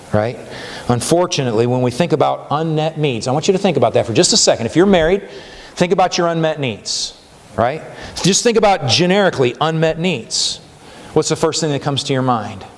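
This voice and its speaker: A man with a mid-range voice, with a little hiss or hum on the recording. He's a pastor preaching a sermon conversationally in a church sanctuary, often checking in with "right?" and restarting his sentences, all in a church hall with long reverb.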